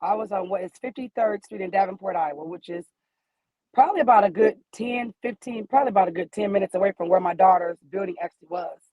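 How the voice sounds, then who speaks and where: A woman's voice: mid-range voice, fast talker, no echo, muffled recording. A middle-aged woman calling in from her car, telling a personal story with feeling and acting out the voices in her dialogue. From American Midwest. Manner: animated storyteller who acts out dialogue. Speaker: guest caller, mother. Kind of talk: emotional personal account by phone from her car.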